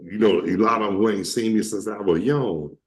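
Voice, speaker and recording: A man's voice: fairly low pitch, fairly quick. A man from Atlanta with a Georgia Southern accent, hosting a casual chat and telling stories. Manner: storytelling, repeats himself, acts out quotes. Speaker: host.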